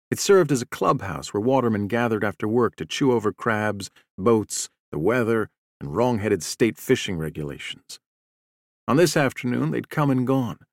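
A man narrates a nonfiction story in a measured, even audiobook style. His voice sits at a middle pitch and is recorded very dry and close, with no room sound. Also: no room sound.

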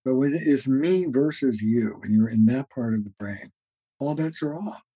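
A therapist appearing as a guest on a podcast interview speaks in a husky, mellow, mid-range voice. He explains concepts earnestly, like a teacher, often pausing on "uh," and sometimes acts out both sides of a couple's argument. The recording has no echo but poor audio.

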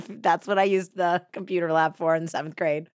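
A woman in her thirties co-hosts a true crime podcast, chatting and laughing between bits of scripted narration. Her voice sits lowish and smooth, with fairly even intonation and a normal speed. The recording is dry and has a clean studio sound.

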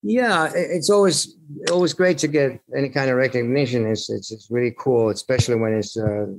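A middle-aged Finnish rock singer tells rambling anecdotes in a casual interview, laughing and restarting as he goes. His medium-pitched voice is brisk, and the poor audio carries a little hiss or hum.

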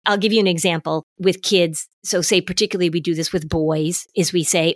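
A woman's voice: medium pitch, fairly quick, hardly any pauses, no echo, studio quality. A middle-aged woman, a parenting expert, explaining in casual podcast talk and acting out what parents say. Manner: warm explanatory, acts out parent quotes.

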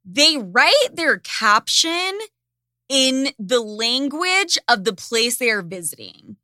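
A woman hosting a podcast in casual chat, ranting in an animated, profane way. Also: fairly high pitch, slow pace, no room sound, studio quality. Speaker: podcast host.

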